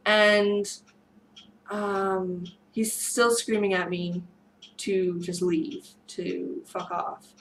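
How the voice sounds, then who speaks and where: A woman's voice: fairly low pitch, slight background noise, low-quality recording. A woman vlogger recounting a tense street incident in a rambling storytime monologue, her voice strained from screaming earlier. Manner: rambling, many fillers and restarts. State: losing her voice.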